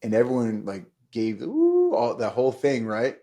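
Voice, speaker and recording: A middle-aged podcast host with a fairly low voice talks briskly, telling stories in a relaxed chat. He's an animated storyteller who acts out quotes and laughs often.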